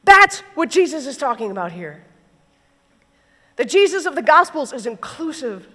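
In an echoey hall, a female preacher tells stories during her sermon and animatedly performs the voices of their characters. Her voice sits high and moves at a moderate pace.

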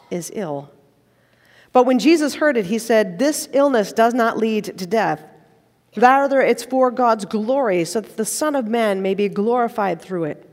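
A woman preaching a sermon in a church, praying and reading scripture with conversational, playful asides. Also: mid-range voice. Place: church sanctuary. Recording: long reverb of a large church.

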